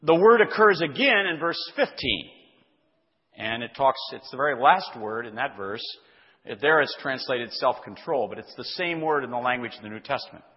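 A male pastor teaching an expository sermon, reading scripture aloud and explaining its words with deliberate care. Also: mid-range voice, expressive. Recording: dull lo-fi sound with long hall reverb.

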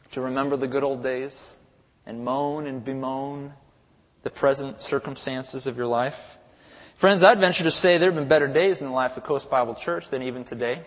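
A male pastor preaching a sermon in a church, with an emphatic, repetitive cadence. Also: mid-range voice. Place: church sanctuary. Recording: echoey hall, dull lo-fi sound.

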